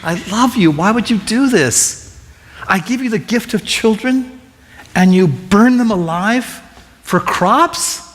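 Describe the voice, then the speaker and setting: Pleading grieved God, as a preacher puts him on. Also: male voice, high-pitched, animated, slow pace, fairly bright tone, in a large hall, pitched above the performer's own voice, full character voice. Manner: pleading and exasperated. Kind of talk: sermon.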